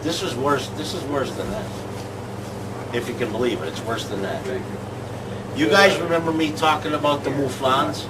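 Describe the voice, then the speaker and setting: A man hosting a comic sports show, talking in excitable rants. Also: mid-range voice, moderate pace, long pauses. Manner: excitable, ranting. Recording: distant mic with clear background noise.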